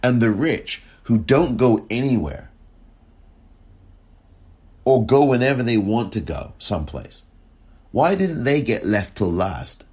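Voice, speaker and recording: A man's voice: medium pitch, sing-song, slow pace, long pauses, a little mellow, husky. A man hosting a podcast, delivering impassioned, indignant opinion commentary full of rhetorical questions. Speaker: podcast host.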